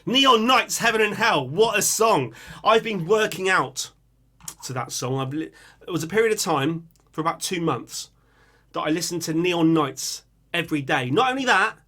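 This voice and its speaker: Bright, lively young man. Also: high-pitched, moderate pace. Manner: animated, bursts into singing and screaming riffs. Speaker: music reaction channel host. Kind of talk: casual chat reading viewer picks.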